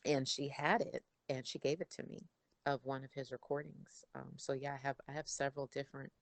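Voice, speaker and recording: A middle-aged woman as an interview guest, chatting casually and telling animated stories. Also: very deep voice, fairly quick, vocal fry, no echo. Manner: animated storyteller, acts out her father's voice. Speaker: interview guest, daughter of a songwriter.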